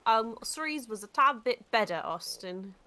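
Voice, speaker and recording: Bright, giggly young-sounding woman. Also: fairly high pitch, expressive, normal speed. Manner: giggly, repeats "gosh golly". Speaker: co-commentator. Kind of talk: casual gameplay chat.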